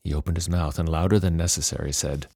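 A man reading a novel aloud as narrator in a steady, measured way. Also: extremely low pitch, dry recording, clean studio sound. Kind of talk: storybook narration.

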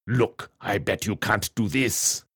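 A man's voice: lowish voice, slow, a bit bright, breathy edge, no room sound, studio quality, voice pushed up, full character voice. A man voicing a vain, theatrical male vampire who declaims melodramatically. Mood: frantic.

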